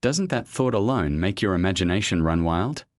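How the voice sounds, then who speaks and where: A man giving grave, measured scripted documentary narration, often posing rhetorical questions. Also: sits low, expressive, no echo.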